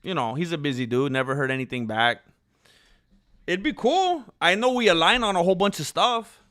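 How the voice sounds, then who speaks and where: A man's voice: on the high side, animated, brisk, a bit bright, dry recording, clean studio sound. A man hosting his channel, chatting casually and rambling with lots of fillers and restarts, hiccuping and burping as he talks. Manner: rambling, self-deprecating, many fillers and restarts. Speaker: channel host. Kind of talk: casual livestream chat.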